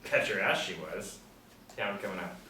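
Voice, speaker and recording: A cocky, folksy drifter full of tall talk, read by a man at a table read, in a lowish voice that breaks into loud bursts. He sounds distant in a roomy space, with a faint hum behind. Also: normal speed. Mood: swaggering. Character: boastful, folksy male drifter, self-styled soldier of fortune.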